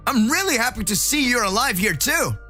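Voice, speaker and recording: A man's voice: very high-pitched, brisk, soft background music, pitched above the performer's own voice, exaggerated voice. A man voicing a cheerful, eager male hero warrior in a fan-made story narration. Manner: excited, friendly.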